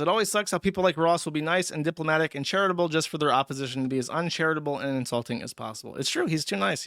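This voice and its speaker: A man with a bright, forceful voice runs a livestream, reading out viewer messages and firing back crude, sneering remarks. His voice sits a bit high for a man and sounds dry and close to the mic, with no room sound. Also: vocal fry, dry recording. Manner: profane, sneering, blunt. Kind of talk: crude mocking livestream commentary.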